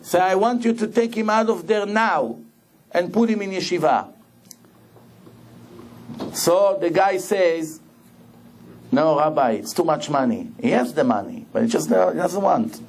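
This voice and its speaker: High-voiced rabbi telling a story. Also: male voice, unhurried, long pauses, slight background noise. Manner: animated storyteller, repeats phrases for emphasis. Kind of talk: sermon with storytelling.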